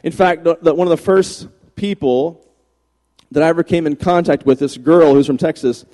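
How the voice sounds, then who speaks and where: Pastor guy from virginia cracking jokes mid sermon, kinda high mellow voice, big echoey church hall. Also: normal speed. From Virginia, USA. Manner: chatty, joking, animated anecdotes. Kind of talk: humorous sermon storytelling. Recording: long reverb of a large hall.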